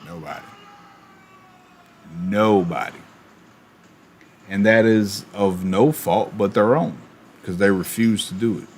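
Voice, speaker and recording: A man streaming and chatting casually, animated, with quick asides and laughs. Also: lowish voice, a little hiss or hum. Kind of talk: casual chat while opening cards.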